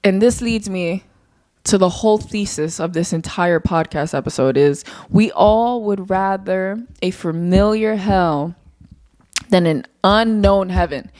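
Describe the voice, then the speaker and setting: A woman's voice: medium pitch, a little slow, a little mellow, dry recording, studio quality. A young woman hosting her own podcast, talking candidly and off the cuff in a rambling way, swearing casually. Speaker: podcast host. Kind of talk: casual solo podcast monologue.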